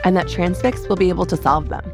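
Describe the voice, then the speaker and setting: A woman hosting a podcast in polished, measured scripted narration. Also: lowish voice, over music.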